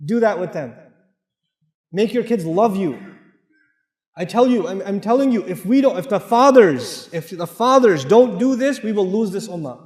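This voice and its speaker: In an echoey hall with long reverb, an American-accented man preaches a humorous, direct sermon to families. His voice sits high, animated and a little mellow, at a normal speed.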